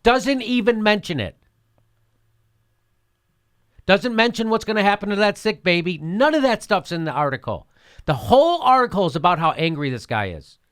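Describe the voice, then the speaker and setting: A man's voice: sits high, very animated, a little fast, a bit bright. A man hosting a show, giving heated political commentary, indignant and sarcastic, repeating his points with profanity. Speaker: host.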